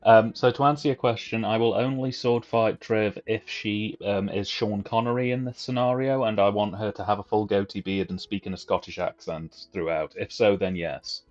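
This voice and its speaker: A man's voice: lowish voice, fairly even intonation, normal speed, few pauses. A man co-hosting a casual live stream, bantering in a dry, wry way. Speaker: stream co-host. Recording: dull lo-fi stream audio with faint music.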